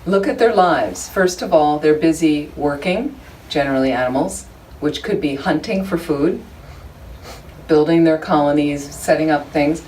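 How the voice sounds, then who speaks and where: This woman's voice is low and darkish, and she takes her time. She leads an informal dharma session for a small Buddhist study group in a room, chatting, joking, and often turning aside to her listeners. The room recording is distant, with faint background noise.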